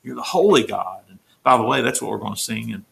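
A man's voice: mid-range voice, animated, fast talker, vocal fry, a bit bright. A man, a pastor, teaching a Bible study sermon in an earnest, emphatic way, restating his points to the listeners.

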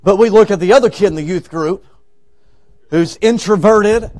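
High-voiced preacher, shouting and hushing. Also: male voice, moderate pace. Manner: swings from loud shouting to hushed low tones; acts out the story characters in voices. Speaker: evangelist. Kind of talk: revival sermon. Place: church sanctuary.

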